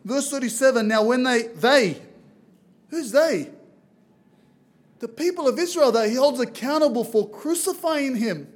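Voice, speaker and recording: A man from Lebanon preaching a sermon as a visiting preacher, reading scripture aloud in a loud, earnest way. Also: extremely high pitch, animated, a little slow, pauses often. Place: church.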